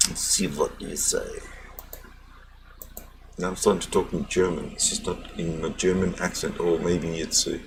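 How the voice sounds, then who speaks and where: A man's voice: deep voice, flat delivery, moderate pace, noisy background. A man hosting a casual livestream, muttering to himself as he clicks around and signs off with teasing sarcasm. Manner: muttering to himself while navigating a screen. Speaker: livestream host.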